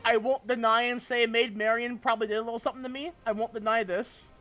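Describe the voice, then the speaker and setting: A man's voice: extremely high pitch, flat delivery, fast, bright, forceful tone, faint music behind. A young man streaming a game live, chatting casually, swearing freely and laughing often. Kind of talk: casual live-stream chat while gaming.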